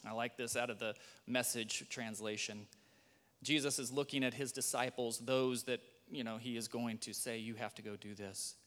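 A male guest preacher reading scripture aloud in church, building to loud, emphatic delivery. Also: mid-range voice, steady tone, moderate pace, in a large hall. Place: church sanctuary.

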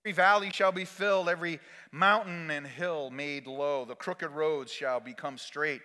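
A man preaching a sermon as pastor, swinging between loud exhortation and quiet, intimate asides. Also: fairly high pitch, fairly even intonation, normal speed, long reverb tail.

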